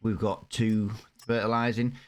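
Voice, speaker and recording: A man's voice: lowish voice, level tone, measured pace. A man giving casual, rambling let's-play commentary over a farming game, with many fillers and restarts. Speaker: gaming YouTuber.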